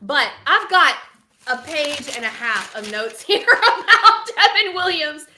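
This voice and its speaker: A woman co-hosting a casual baseball podcast, high and bright in tone. She talks in a dramatic, self-mocking, animated way. The room around her sounds echoey. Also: measured pace, slight background noise. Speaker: podcast co-host. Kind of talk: casual sports podcast chat.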